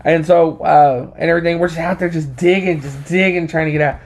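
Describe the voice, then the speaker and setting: A man's voice: fairly high pitch, steady tone, fairly quick. A man telling a casual story on his vlog, rambling with many fillers and restarts, a little short of breath. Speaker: vlogger.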